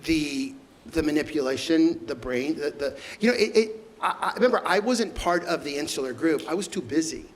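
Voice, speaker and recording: A middle-aged man telling emotional stories as a guest onstage, halting and stumbling over repeated words. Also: on the high side, lively intonation, poor audio. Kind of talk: emotional storytelling conversation.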